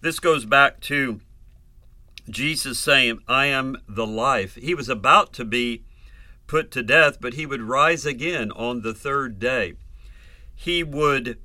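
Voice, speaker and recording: Male preacher, slow and measured delivery, crisp bright tone, closely miked with no room sound. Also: medium pitch, no echo. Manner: slow and deliberate, asks rhetorical questions then answers. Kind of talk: verse-by-verse Bible teaching.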